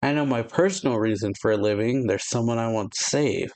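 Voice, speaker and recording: A man reading out a calm, aloof immortal man in a slow, measured way. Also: mid-range voice, natural voice.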